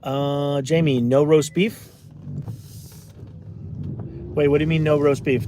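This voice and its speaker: A man's voice: on the high side, fairly even intonation, takes it slowly, pauses often. Rambling man live-streaming from his car. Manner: rambling storyteller with many fillers and restarts, reads out viewer comments. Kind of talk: casual live-stream chat. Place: in a car, driving around town. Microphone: phone. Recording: car and street noise behind.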